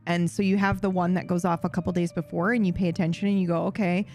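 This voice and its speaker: A young woman streamer chatting casually, swearing freely and getting animated and giggly. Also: on the low side, quick pace, faint music behind. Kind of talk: casual chat.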